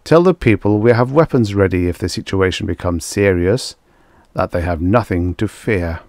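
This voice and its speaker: A man voicing a calm, cunning emperor in an audiobook, speaking evenly and quietly, with a mocking edge. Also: low-pitched, moderate pace, no room sound, studio quality.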